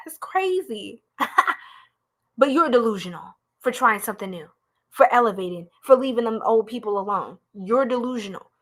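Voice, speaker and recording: A young woman, doing a live tarot reading in a playful, goofy, slangy way and laughing often. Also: fairly high pitch. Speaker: tarot reader.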